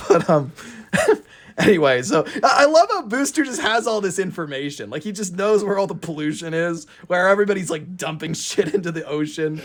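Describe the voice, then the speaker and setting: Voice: mid-range voice, expressive, normal speed. Giggly rambling podcast host. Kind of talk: casual chat, comedic storytelling.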